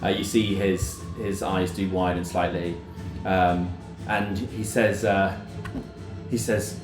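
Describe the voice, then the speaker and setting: A man's voice: deep voice, little pitch movement, slow, reverberant, over music. A man narrating a tabletop role-playing game as game master, rambling with many fillers.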